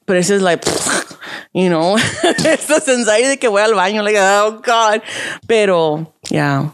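A young woman, a social worker, telling animated stories in casual chat, swearing freely and laughing often. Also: mid-range voice, a little slow, clean tone, dry recording.

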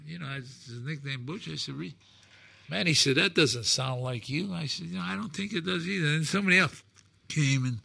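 A man in his sixties telling stories as a talk show guest, acting out dialogue with shouted quotes and emphatic delivery. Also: on the high side, creaky, no echo. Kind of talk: animated storytelling on a talk show.

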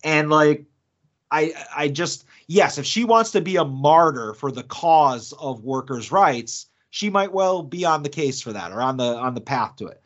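A man's voice: a little high, lively intonation, a little slow, fairly bright tone. Rambling man chatting, lo-fi. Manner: rambling, many fillers and restarts. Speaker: podcast co-host. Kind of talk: casual chat. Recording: dull lo-fi sound.

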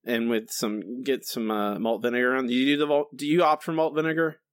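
A man's voice: mid-range voice, steady tone, brisk, smooth, no echo. A man co-hosting a podcast, playfully sarcastic and mock-explaining jokes. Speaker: podcast co-host. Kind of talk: casual chat. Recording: dry podcast mic.

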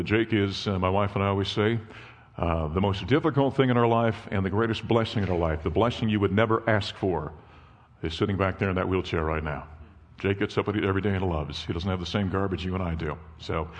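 A man's voice: fairly low pitch, fairly bright tone, in a large hall. A man in his fifties giving a sermon as a guest speaker, telling personal family stories in a folksy way. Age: 50s. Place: church.

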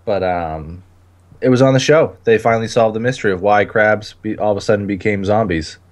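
A man's voice: fairly low pitch, fairly quick. A man hosting a casual podcast, cracking jokes and laughing often. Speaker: podcast host.

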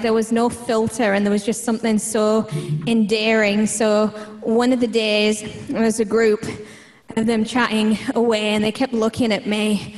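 A woman from the United Kingdom, co-hosting a podcast and telling an anecdote in casual chat. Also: on the high side.

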